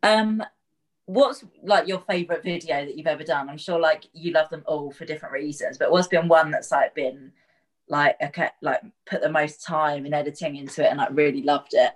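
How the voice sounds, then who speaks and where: A woman's voice: low-pitched, steady tone, normal speed. A woman hosting a casual podcast interview, asking questions full of fillers and "like". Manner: filler-heavy, lots of "like". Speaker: host.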